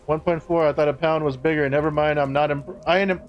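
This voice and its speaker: A man talks with his live-stream chat in a fairly high voice, swearing freely and breaking into laughter as he banters. His stream audio is a little muffled, with a faint hiss under it. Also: steady tone, fast talker. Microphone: streaming microphone.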